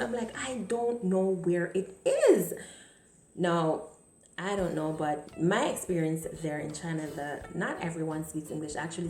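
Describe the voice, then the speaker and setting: A woman vlogger telling a dramatic personal story in an animated way, often stammering. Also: low-pitched. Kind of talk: storytime vlog. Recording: echoey room, faint music.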